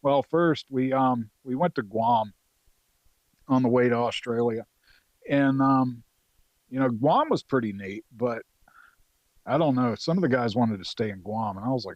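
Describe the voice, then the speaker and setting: A Marine veteran of about forty from North Carolina, appearing as a podcast guest, tells an old service story in a relaxed, rambling way, swearing freely and leaning on fillers. His middling-pitched voice moves at a measured pace with frequent pauses. The audio is dull, dry and close, with almost no room echo.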